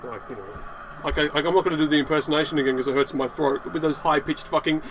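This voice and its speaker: A man's voice: on the high side, fairly even intonation, racing, heavy background noise. A man ranting in a casual vlog, sarcastic, dismissive and sprinkled with swearing. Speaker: video blogger.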